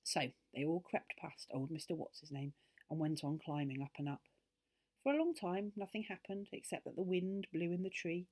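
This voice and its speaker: A woman gently and expressively reading a children's book aloud as a storyteller. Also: lowish voice, moderate pace.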